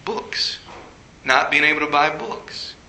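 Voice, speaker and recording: A man preaching a sermon with a very bright, ringing voice that sits a little high for a man. He tells stories from his own life and leaps up in pitch when he quotes his younger self. The sound carries a noticeable room echo. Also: takes it slowly. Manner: storytelling, rising high when acting out his past self.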